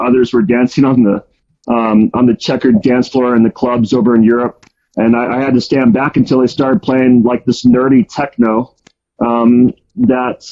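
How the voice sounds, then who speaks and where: A man appears as a storyteller guest, casually recounting his life story and rambling with plenty of ums and restarts. His voice is mid-range and mellow, and the recording has a dull lo-fi sound.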